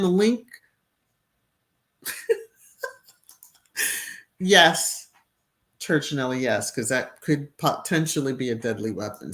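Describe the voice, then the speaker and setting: A middle-aged woman chats her way through a live stream, reading out viewer comments. Her voice sits low and her pace is slow and easy. She laughs readily and keeps breaking into short sung bits. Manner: chatty, laughs often, bursts into little sung phrases. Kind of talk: casual live-stream chat.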